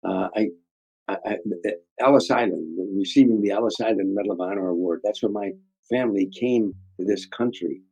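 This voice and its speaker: In a dry recording with dull audio, an older comedian from the Chicago area, USA, shares rambling, heartfelt stories in an interview, frequently repeating words. His voice is lowish, creaky, warm, and husky, at a normal speed.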